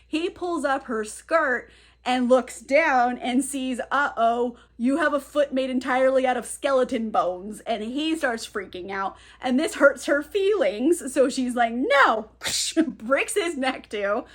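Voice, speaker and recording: A woman vlogger recapping a novel with a chatty, irreverent flow. She peppers it with "like" and asides. Her voice sits high. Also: lively intonation, measured pace, fairly bright tone. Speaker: book reviewer. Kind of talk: casual book recap.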